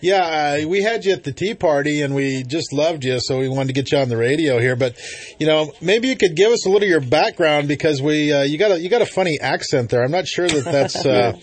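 A man hosting a casual talk radio show from a studio, chatty and quick to laugh, with lots of fillers. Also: a little high, a little hiss or hum. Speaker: radio host. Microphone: studio mic.

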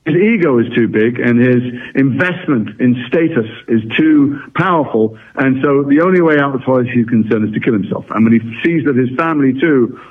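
Man, husky, middle-aged, from England, reflective and wry, narrow tinny radio line. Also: mid-range voice. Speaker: actor. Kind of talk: radio interview guest.

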